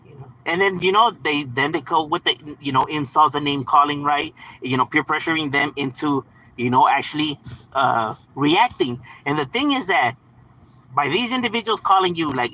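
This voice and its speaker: A man streaming live, answering his chat in a loose, slangy, profane way with lots of laughter. His voice sits a bit high, sharp and bright. It has a husky edge. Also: normal speed, low-quality recording. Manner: slangy, profane, laughs often, repeats "bro" and "homie". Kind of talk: casual livestream monologue answering chat.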